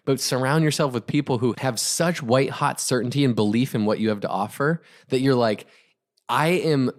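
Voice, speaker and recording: A man co-hosting a motivational podcast, speaking at a middle pitch. He talks with fervent, emphatic conviction and hammers points home by repeating short phrases. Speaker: podcast co-host.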